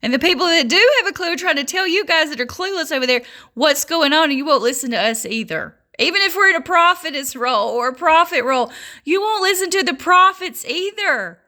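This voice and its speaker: A woman with a high, bright, sharp voice delivers a fervent religious monologue as a self-styled prophetess. She scolds and mocks her listeners and keeps breaking into laughter mid-sentence. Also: expressive, fairly quick.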